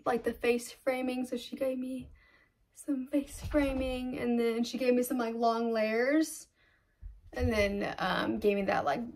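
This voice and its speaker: A young woman vlogging casually, talking fast and filling with "like" and "um", filmed on a phone in her car and later on a tripod at home. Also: a little high, no room sound. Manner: fast, chatty, lots of "like" and "um". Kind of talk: casual vlog chat. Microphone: phone camera, then on a tripod.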